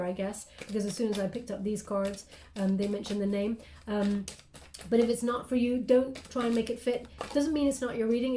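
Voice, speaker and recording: A woman's voice: mid-range voice, dark tone, reverberant, a little hiss or hum. A woman giving a casual tarot reading, rambling and apologetic, with lots of fillers and restarts, yawning and sleepy. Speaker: tarot card reader.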